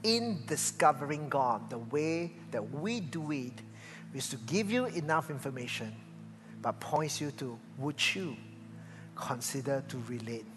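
An older man, a pastor, preaching a sermon and telling stories, swinging from loud to hushed. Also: medium pitch, animated, unhurried. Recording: reverberant church hall with faint music.

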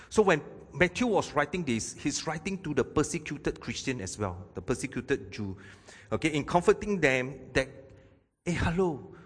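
A man preaching a sermon, swinging between loud emphasis and soft, hushed lines. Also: a little high. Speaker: pastor. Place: church hall. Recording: long hall reverb.

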